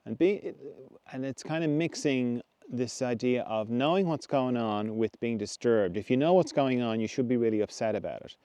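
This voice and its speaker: A middle-aged man hosting a spiritual podcast, musing gently and restarting his thoughts as he talks. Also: mid-range voice, normal speed, clean tone, no room sound. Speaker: podcast host, spiritual teacher. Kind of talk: reflective spoken talk.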